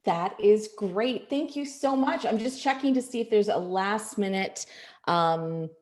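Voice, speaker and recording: A woman hosts an online webinar over a video call, cheerfully thanking people and reading out announcements. Her voice is mid-range and darkish in tone, and she speaks unhurriedly. The room she's in is echoey.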